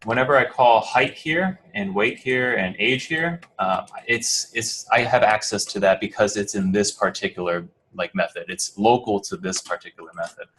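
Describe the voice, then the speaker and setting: Low-voiced American man teaching a class. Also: moderate pace, hardly any pauses, a bit bright, a little hiss or hum. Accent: American English. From New Jersey. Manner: casual, filler-heavy explaining with frequent restarts and questions to students. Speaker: coding bootcamp instructor. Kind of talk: classroom lecture.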